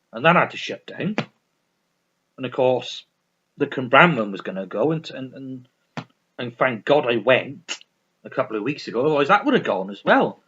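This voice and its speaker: A man's voice: medium pitch, big pitch swings, moderate pace, a bit bright, slightly rough, dull audio. A man vlogging in a heated, swearing rant full of restarts. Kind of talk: ranting vlog monologue.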